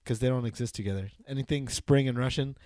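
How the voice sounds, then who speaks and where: A man's voice: medium pitch, quick pace, a little mellow. A man co-hosting a comedy podcast, trading crude jokes and laughing often in casual banter. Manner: profane, laughing, jokey. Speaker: podcast co-host.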